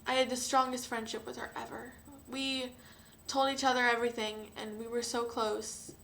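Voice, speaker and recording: A young woman talking hesitantly and emotionally to camera, with frequent sighs and pauses. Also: a little high, flat delivery, vocal fry, a bit bright, a little hiss or hum. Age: young adult. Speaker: vlogger. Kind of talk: personal confessional vlog.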